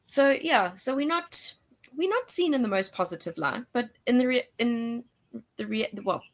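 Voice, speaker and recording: A South African woman lecturer teaches an online class in a chatty manner, correcting herself and putting questions to her students. Her voice is on the high side, with lively intonation at normal speed, heard through muffled lo-fi audio.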